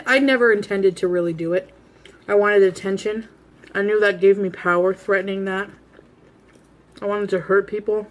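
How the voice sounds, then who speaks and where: A woman telling a chatty, confessional story while eating on camera, casual storytime. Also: medium pitch. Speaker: mukbang vlogger.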